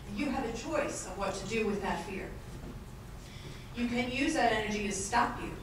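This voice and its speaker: A woman's voice: fairly high pitch, background noise. A woman giving an earnest, encouraging talk on stage at a conference, poking fun at herself. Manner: earnest, encouraging, self-mocking. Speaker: panel speaker, trainer. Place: conference hall. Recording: echoey hall, mic from far off.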